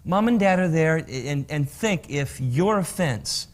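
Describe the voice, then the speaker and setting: A man's voice: on the high side, lively intonation, measured pace. A man on a talk show giving earnest, encouraging advice to parents in a preachy way. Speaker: co-host, counselor.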